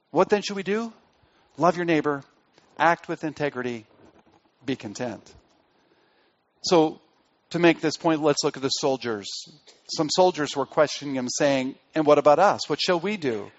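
A man preaching a sermon in an earnest way. He drops soft on key phrases and rises to press a point. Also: a little high, lively intonation, a little slow, pauses often, muffled recording. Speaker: pastor.

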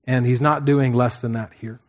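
Captured in a dull lo-fi recording, a man preaches and teaches from scripture to a group as a pastor leading a class. He speaks at normal speed in a mid-range voice with fairly even intonation, frequently restating his points and checking in with those listening.

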